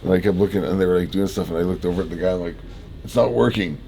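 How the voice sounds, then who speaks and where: A young man with a notably low voice tells his story casually, laughing as he goes and peppering it with swearing and fillers. He sounds groggy, as if just out of surgery, with a faint hiss of background noise under him. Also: level tone, racing, mellow. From Canada. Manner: laid-back, laughing often, swearing, rambling with many likes. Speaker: fitness vlogger. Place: hospital room.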